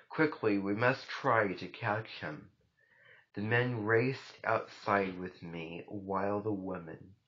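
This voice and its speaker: Man, deep voice, audiobook narration, somber dramatic reading, muffled lo-fi sound. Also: fairly bright tone. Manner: slow, somber storytelling. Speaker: audiobook reader.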